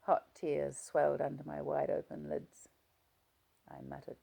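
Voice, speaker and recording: A woman's voice: low-pitched, level tone, measured pace, vocal fry, mellow, husky. A woman reading a novel aloud, narrating in first person. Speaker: audiobook reader.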